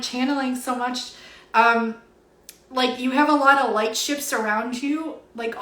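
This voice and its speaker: A young woman speaks a little high and keeps close to tears. She gushes through a spiritual card reading on a home livestream, with plenty of fillers. Her voice carries in a roomy, echoing room. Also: a bit bright. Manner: gushing, filler-heavy, breathy with awe. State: teary, emotional. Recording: roomy echo.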